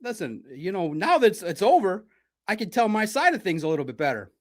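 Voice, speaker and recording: A man's voice: high voice, big pitch swings, a little fast. A man from Detroit hosting a livestream sports podcast, talking in a blunt, combative and profane way. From Detroit, United States.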